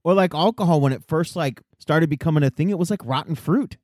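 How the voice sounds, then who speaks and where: A man's voice: fairly high pitch, fast, no room sound, studio quality. A man telling crude stories in casual podcast banter, laughing often and swearing freely. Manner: animated, crude, laughing storyteller.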